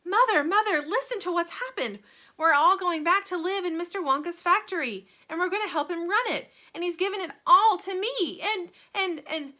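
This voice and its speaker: A woman's voice: on the high side, big pitch swings, moderate pace, pushed and bright. Woman doing an eager little boy. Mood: excited. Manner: eager, breathless exclaiming. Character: kind, excited young boy.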